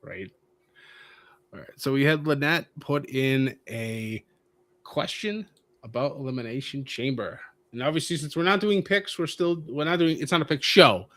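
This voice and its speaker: A man's voice: medium pitch, lively intonation, normal speed, a bit bright, no room sound. Brief: male co-host, dry close mic, explainer. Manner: knowledgeable, explains matches and titles. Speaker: podcast co-host. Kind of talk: casual wrestling chat on a live stream.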